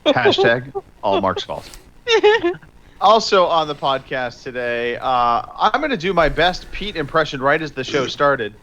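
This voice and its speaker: A man's voice: fairly high pitch, wildly swooping pitch, a little slow, bright, forceful tone. A man hosting a podcast in upbeat, teasing casual chat. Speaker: podcast host.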